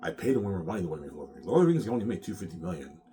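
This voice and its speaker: A man's voice: sits low, sing-song, very fast, warm tone, recorded from a distance, a little hiss or hum. A man rambling casually to his viewers, repeating himself and tossing in "man" and "yeah". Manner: repetitive, keeps saying "man" and "yeah".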